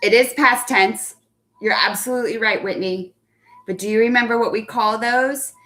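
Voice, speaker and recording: A young adult woman teacher leading a live online phonics lesson, patiently praising children by name and spelling out words deliberately. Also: on the high side, a bit bright.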